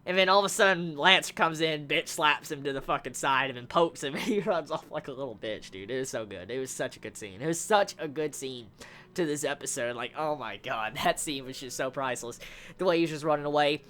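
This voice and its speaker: A young man excitedly reviewing an anime episode in casual talk, swearing often and stumbling over repeated words. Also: fairly high pitch, brisk.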